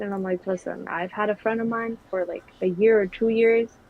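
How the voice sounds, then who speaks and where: A young woman talks in a loose, rambling way and keeps restarting her sentences around fillers. Her voice sits at a middle pitch for a woman. She is a guest in a casual conversation. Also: steady tone, moderate pace, phone-quality sound. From New York City. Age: young adult. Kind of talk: casual chat.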